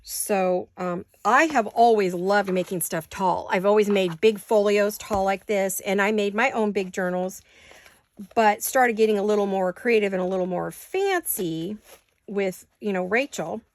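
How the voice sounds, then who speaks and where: A woman's voice: mid-range voice, a little slow. A woman hosting a crafting channel, chatting casually and rambling as she works at home, with the hiccups. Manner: chatty, rambling, self-correcting. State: has the hiccups. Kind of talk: casual crafting tutorial chat.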